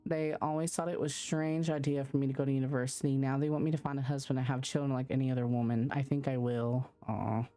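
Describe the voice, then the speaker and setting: Young woman in love writing letters, low and mellow, soft and wistful , read by a woman streamer. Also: level tone, quick pace, hardly any pauses, soft background music. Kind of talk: reading game letters aloud.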